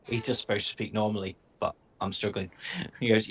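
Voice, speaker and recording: A man's voice: fairly low pitch, fairly even intonation, a little fast, fairly bright tone, slightly rough. A man narrating a tabletop game as game master, casual and easygoing.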